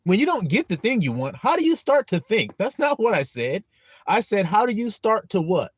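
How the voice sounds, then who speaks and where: A man with a high, very animated voice delivers a casual livestream sermon. He keeps pressing his listeners with rhetorical questions, blunt and peppered with profanity, and the sound is close and dry. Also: moderate pace, breathy edge, no echo. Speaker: preacher teaching an online flock.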